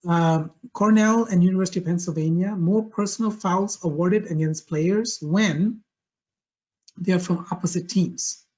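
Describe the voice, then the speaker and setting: A man giving a live webinar presentation over a video call, energetic and emphatic, often repeating his key phrases. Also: sits high, dull audio.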